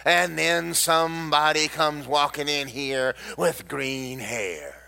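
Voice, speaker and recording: A man's voice: a little high, takes it slowly, vocal fry, noisy background, voice pushed down. A male preacher acting out a resentful longtime church usher who complains that he has been faithful for years and gets nothing. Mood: grumbling. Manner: complaining, aggrieved whine.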